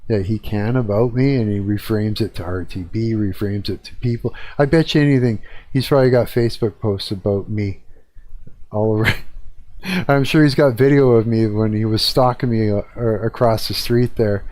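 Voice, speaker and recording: A man's voice: on the low side, normal speed, a little mellow, no echo. A middle-aged man, ranting in a rambling, profane way on a live stream from his apartment. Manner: rambling, profane, agitated complaining. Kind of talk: casual rant. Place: own apartment.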